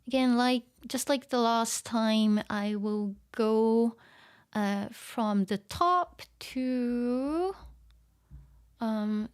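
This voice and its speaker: A woman giving a casual online language lesson, chatty and full of fillers and small laughs. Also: mid-range voice. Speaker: language teacher.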